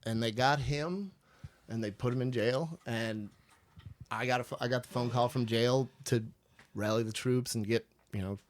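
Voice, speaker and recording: A man's voice: medium pitch, steady tone, normal speed, a little hiss or hum. A middle-aged man from Chicago telling a long, rambling story on a podcast in a basement. He swears freely and acts out what people said.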